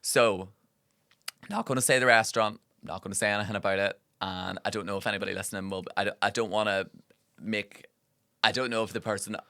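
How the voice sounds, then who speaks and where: A man chatting on a podcast with a bright, forceful voice sitting a little low. He tells stories animatedly, full of fillers and casual swearing, heard close on a dry mic. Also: a little fast, vocal fry, no room sound. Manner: animated storyteller, swears freely, frequent fillers. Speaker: podcast co-host. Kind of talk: casual chat.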